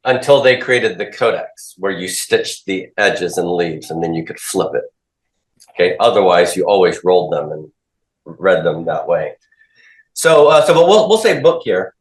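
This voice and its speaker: A man's voice: low voice, animated, normal speed. A man teaching a class, asking questions, drilling students and repeating their answers back. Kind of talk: classroom lecture with call-and-response drills. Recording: echoey classroom.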